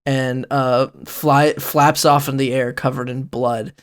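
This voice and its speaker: Slow, rambling young man as game master. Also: medium pitch, level tone, clear, resonant tone. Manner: rambling, giggly, many fillers. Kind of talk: narrating a tabletop game.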